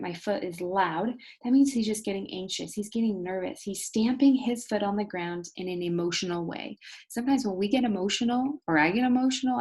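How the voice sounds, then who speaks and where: A woman teacher giving a recorded video lesson, patiently explaining things and talking straight to her students, with expressive storytelling emphasis. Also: mid-range voice.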